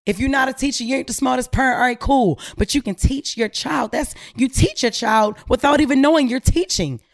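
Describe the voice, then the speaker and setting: A woman's voice: high voice, a little fast, creaky, no room sound, clean studio sound. A woman hosting a casual talk show, telling a story in slangy, emphatic speech and acting out the people she quotes. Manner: animated, acts out quoted voices, slangy and emphatic. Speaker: podcast host.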